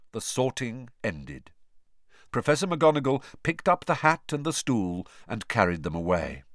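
A man narrating an audiobook in an expressive storytelling manner. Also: mid-range voice, a little slow, no echo, clean studio sound. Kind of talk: scripted narration.

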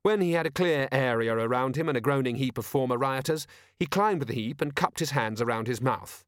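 A man narrating an audiobook in a measured, wry delivery. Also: medium pitch, no room sound, clean studio sound. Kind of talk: scripted narration.

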